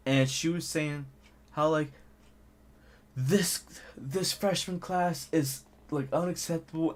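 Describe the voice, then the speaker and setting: Rambling young man telling a story. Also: medium pitch. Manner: rambling, animated, filler-heavy. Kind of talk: casual story time.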